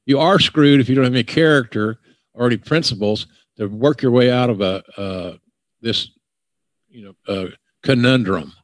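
A man's voice: mid-range voice, moderate pace, no room sound. An older man with a Southern accent, hosting a podcast and ranting bluntly with profanity. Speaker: podcast host. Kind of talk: casual podcast chat.

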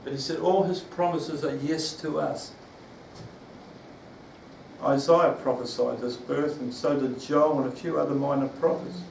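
A man's voice: fairly high pitch, fairly even intonation, unhurried, creaky, darkish tone, a little hiss or hum. A man preaching a sermon, rambling with restarts and asking the congregation questions. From New Zealand. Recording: echoey room, from far off.

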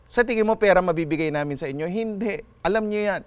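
Filipino pastor guy preaching hard, high voice, dry close sound, calls out "get up" to the crowd. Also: fast, smooth, no echo. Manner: exhorting, switching between English and Tagalog. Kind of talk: sermon. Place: empty mall venue.

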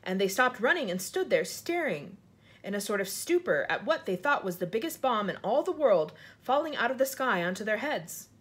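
A woman with a slightly husky, fairly high voice reads a children's story aloud. Her delivery is dramatic and expressive. Her pitch rises and falls in wide, lively swings. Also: normal speed. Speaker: storybook reader. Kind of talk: children's book read aloud.

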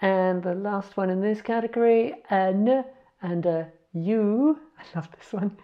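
A woman's voice: mid-range voice, dull audio. A woman casually teaching foreign words, spelling them out letter by letter and correcting herself as she goes. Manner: chatty, self-correcting, spells out letters slowly. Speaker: language learner sharing words.

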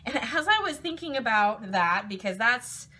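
High bright-voiced woman cooking at home, chatty and goofy, talks to her veggies. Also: animated, moderate pace, slight background noise. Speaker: cooking vlogger. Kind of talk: casual chat while cooking. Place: home kitchen.

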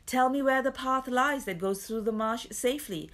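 An honest young boy calling out in a clear, ringing voice , as the woman narrator plays him. His voice sits a little higher than her own. He sounds earnest and bold. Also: moderate pace, fairly bright tone, natural voice.

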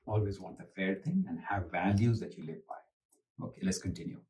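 Brief: lively-pitched male host, teacherly, a little off-mic. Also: fairly quick. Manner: animated, teaching, frequent rhetorical questions. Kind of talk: casual talk with storytelling. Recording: distant mic.

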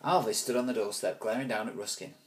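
Regular guy reading a kids book out loud, easygoing with little side comments. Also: fairly low pitch, fast, slight background noise. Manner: relaxed, chatty asides between passages. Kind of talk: casual read-aloud storytelling.

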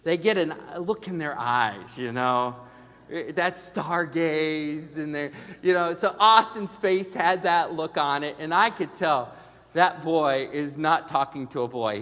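A middle-aged male pastor preaching a storytelling sermon, dropping to a hush and then rising to loud emphasis. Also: fairly high pitch, a little slow. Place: large church sanctuary. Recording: long reverb of a large church hall.

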